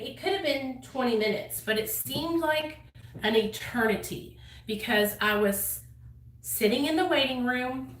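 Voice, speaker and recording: A woman's voice: fairly high pitch, fairly bright tone, slight background noise. Blunt, foul-mouthed woman telling her story. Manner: blunt, heavy swearing, lots of fillers. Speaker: channel host sharing her recovery story. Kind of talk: casual storytelling to camera. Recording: echoey room, voice a bit far from mic.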